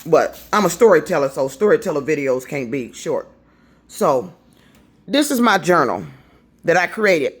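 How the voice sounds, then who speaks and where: A woman's voice: deep voice, very animated, moderate pace, husky. A woman telling a long, rambling, profane story about her grievances in a casual vlog from her apartment. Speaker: vlogger.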